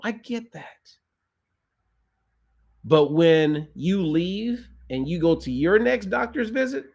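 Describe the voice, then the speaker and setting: A man talking to camera as a nutrition coach in a casual, emphatic way, often repeating phrases for emphasis. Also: a little high. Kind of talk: casual direct-to-camera talk.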